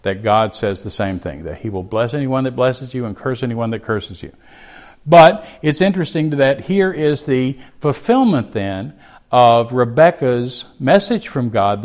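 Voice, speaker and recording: A man teaching a Bible chapter, reading verses aloud and explaining them in a folksy, conversational way. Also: mid-range voice. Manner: reads scripture aloud, then explains it in a folksy aside.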